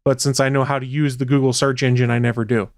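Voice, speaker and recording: A man's voice: mid-range voice, level tone, fast talker, dry recording. A man co-hosting a podcast, talking casually with wry, dry humor. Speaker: podcast co-host. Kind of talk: casual chat.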